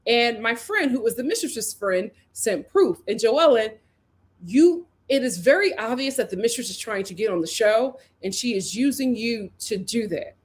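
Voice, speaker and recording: A woman with a slightly high, animated voice talks at a normal pace while hosting a casual reality TV recap. She's chatty and opinionated, laughs often as she speaks, and fills her talk with "like" and "you know."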